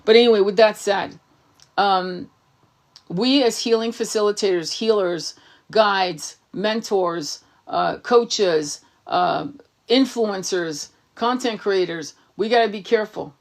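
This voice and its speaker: On a livestream, a woman tarot reader and spiritual coach bluntly answers viewer comments, swearing often and firing rhetorical questions. Her voice is medium-pitched and slow.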